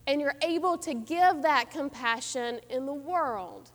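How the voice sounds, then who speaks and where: A woman's voice: sits high, slow pace, hardly any pauses, in a large hall. A woman pastor delivering a sermon in an earnest, reflective way.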